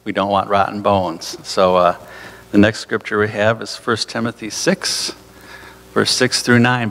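Low, gravelly man preaching in a hall. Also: little pitch movement, a little slow, a bit bright. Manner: conversational, loose preaching with fillers and asides. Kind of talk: sermon. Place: church sanctuary. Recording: hall reverb from a church.

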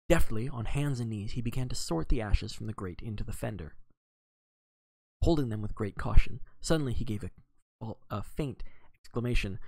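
Gravelly, expressive man reading a novel. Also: mid-range voice, moderate pace, dry recording, rough recording. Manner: expressive, occasional slips and self-corrections. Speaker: reader. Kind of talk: reading a novel aloud on a live stream.

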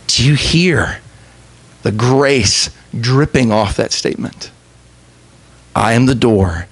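A young man, a pastor, giving an earnest sermon with emphatic pauses. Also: mid-range voice.

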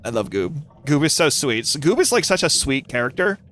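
A young man streaming a game and chatting to viewers, excitable and giggly, breaking into squeals and shouts. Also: fairly high pitch, fairly quick, a little hiss or hum. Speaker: gaming YouTuber. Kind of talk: live gameplay commentary.

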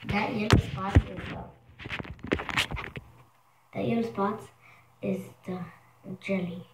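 A woman chatting casually to her viewers in a vlog, excitable and quick to exclaim in disgust. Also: mid-range voice, reverberant, recorded from a distance, heavy background noise. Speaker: vlogger.

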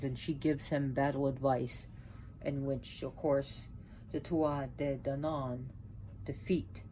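A woman's voice: sits low, mellow, slight background noise. A woman hosting her own channel, talking casually about mythology while setting up an altar at home, rambling and correcting herself as she goes. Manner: rambling, self-correcting, with sudden outbursts. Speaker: pagan video host.

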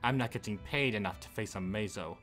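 A man commentating a video game playthrough in an animated, joking way. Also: fairly low pitch, a little fast, soft background music. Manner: animated and joking, laughs at his own lines.

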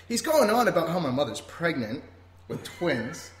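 A man's voice: on the high side, sing-song, moderate pace, crowd noise. A man hosting a podcast, telling a story in a rambling, casual way, laughing often and swearing freely. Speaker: podcast host. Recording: roomy echo.

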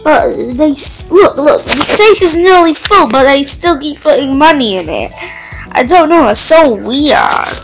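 A woman giving let's-play commentary on a game, excitable and quick to shout and giggle. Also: sits high, low-quality recording. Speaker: gameplay commentator. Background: game music.

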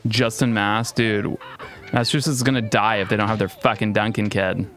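A young man giving casual, profane, excitable commentary while streaming a game. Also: fairly low pitch, fairly quick, faint music behind.

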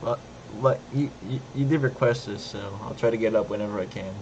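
A man hosting a casual video chat with a stranger, easygoing and quick to apologize, laughing easily. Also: on the low side, darkish tone, muffled recording. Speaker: host of video chats with strangers. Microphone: video call. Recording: noisy home recording.

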